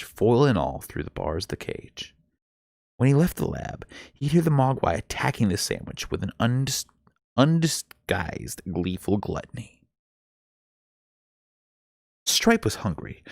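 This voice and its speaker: A man's voice: lowish voice, no echo, studio quality. A man reading a novel aloud live, telling it expressively with an occasional stumble. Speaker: book reader.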